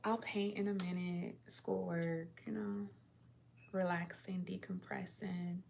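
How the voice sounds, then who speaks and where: A woman's voice: fairly low pitch, little pitch movement, takes it slowly, vocal fry, a little mellow, a little hiss or hum. A young woman chatting on a casual livestream from her apartment, rambling and laid-back, sounding tired. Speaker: livestream host.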